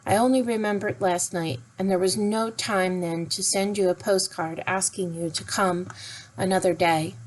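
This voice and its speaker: A woman's voice: medium pitch, fairly even intonation, normal speed, lightly acted, poor audio. A woman voicing a cheerful, round, bald old uncle who talks in a jolly, apologetic way in a storybook reading.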